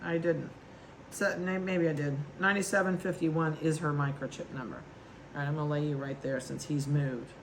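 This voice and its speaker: A woman's voice: deep voice, steady tone, moderate pace, slight background noise. A woman dog breeder chatting casually and affectionately as she handles puppies at an indoor table and talks to them.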